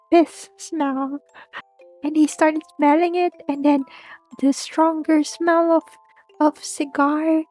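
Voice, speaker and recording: A woman tells a spooky tale in a loose, rambling way, circling back and restarting often. Her voice is high and light, and she talks at a slow, drawn-out pace. Faint music plays quietly behind her. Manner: rambling, with many restarts and giggles. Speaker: streamer. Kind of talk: casual spooky storytelling.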